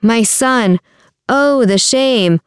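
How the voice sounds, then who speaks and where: A scheming, puffed-up middle-aged nobleman, as a woman reads him out in a storybook. He gloats and wails with put-on grief, his voice smooth and clear. The sound is close and dry. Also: mid-range voice, unhurried, a little mellow, no echo, close to an everyday voice. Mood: mock wailing. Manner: mock-grief wailing, gloating. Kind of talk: storybook character reading.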